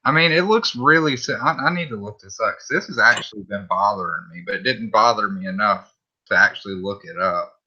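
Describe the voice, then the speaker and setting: A man's voice: lowish voice, brisk, pushed and bright, husky, highs cut off. A man with a Southern US accent chatting casually on a livestream, laid-back and swearing freely.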